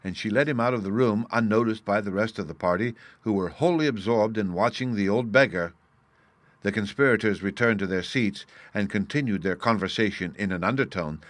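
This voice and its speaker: A male narrator reads a storybook steadily and evenly. His voice is low, and the recording is close and dry. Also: fairly quick, dry recording. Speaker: audiobook narrator.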